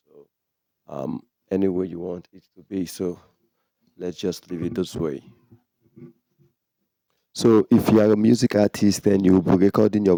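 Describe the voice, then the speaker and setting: A tech tutorial host makes a casual how-to video, explaining equipment step by step in a relaxed way with lots of "so"s. He speaks in a low voice into a condenser microphone routed through a sound card, with echo-free studio-quality sound.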